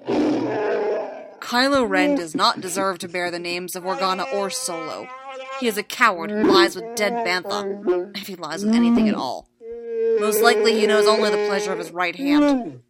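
A woman reading a story aloud and voicing a furious, vengeful male Wookiee warrior who shouts his threats. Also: normal speed, over a noisy crowd, natural voice. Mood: enraged. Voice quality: booming, shouted. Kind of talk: audiobook reading.

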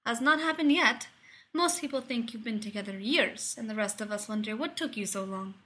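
A woman's voice: a little high, lively intonation, brisk, fairly bright tone. A woman voicing a perceptive, gossipy male lab colleague with slightly formal phrasing. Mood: teasing.

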